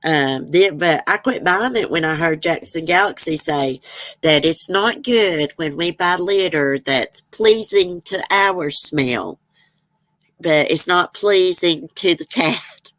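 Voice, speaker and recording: Woman host, low voice, rambling chatty livestream talk, dry close sound. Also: takes it slowly, a bit bright, dry recording. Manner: chatty, rambling, laughs often. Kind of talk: casual chat reading viewer comments.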